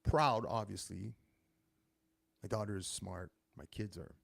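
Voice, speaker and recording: Speaking a little slowly in a fairly low, creaky voice, a man in his thirties hosts a show with a loose, casual monologue. His storytelling rambles and he keeps correcting himself. The recording is dry.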